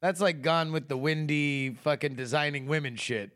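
Brash bright-voiced man, quick jokes. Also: a little high. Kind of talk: casual podcast chat.

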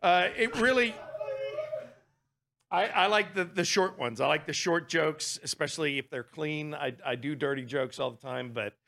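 A man's voice: a little high, moderate pace, vocal fry, pushed and bright. A man on a stage panel hesitantly leading into a joke. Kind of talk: live panel chat.

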